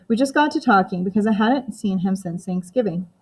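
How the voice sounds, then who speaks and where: Lexi, a blunt teenage girl, voiced by a woman reading an audiobook, impatient and sharp-tongued. She talks at a medium pitch in a plain storybook manner. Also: expressive, a little fast, slightly rough, low-quality recording. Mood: hesitant.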